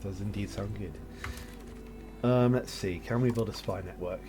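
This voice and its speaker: A man's voice: on the low side, moderate pace, noisy background. A man casually commentating his own strategy game play as he thinks aloud, with jokey asides. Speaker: gameplay streamer. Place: home setup, recorded live on a voice chat.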